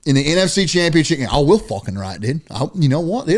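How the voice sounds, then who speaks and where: Profane, animated young man chatting sports. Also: a little high, fast, hardly any pauses. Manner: profane, animated storytelling, often says "dude". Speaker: podcast co-host. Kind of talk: casual sports chat.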